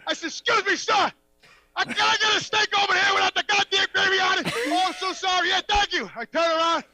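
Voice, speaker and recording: A man telling a profane, animated story on a podcast and acting out the dialogue. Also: very high voice, fast, soft background music, poor audio. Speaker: podcast guest. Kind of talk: casual storytelling.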